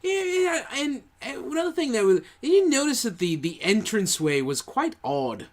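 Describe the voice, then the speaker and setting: Wry, animated man chatting. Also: moderate pace. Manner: dry, wry humor with animated pitch. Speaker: podcast co-host. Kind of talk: casual chat.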